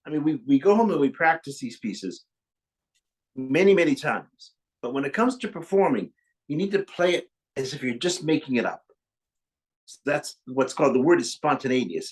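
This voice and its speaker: In a room where a piano is being played, a man with a voice on the high side coaches a young student in a piano masterclass, encouraging the child and demonstrating phrases as he goes. The recording is rough, with loud piano over his voice.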